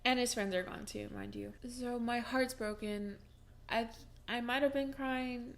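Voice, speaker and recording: A woman's voice: on the high side, fairly even intonation, a little slow, vocal fry. Chatty young woman telling a story. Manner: casual, chatty, many fillers and self-corrections; breaks into laughs while telling. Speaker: vlogger. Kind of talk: personal storytelling to camera.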